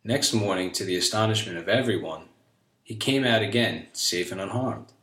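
A man reads an old fairy tale aloud in a measured storybook manner, with old-fashioned diction. His voice sits low, and the room around him gives a noticeable echo. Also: fairly bright tone. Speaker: narrator. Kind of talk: storybook reading. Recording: echoey room.

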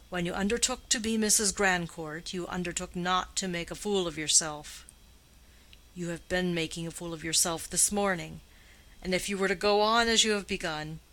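A cold aristocratic husband sneers in a slow, low, imperious drawl, read by a woman. His tone stays bright and forceful despite its chill, with a lowish pitch. It sounds like a character voice in an audiobook reading. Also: gravelly, heavily acted, low-quality recording.

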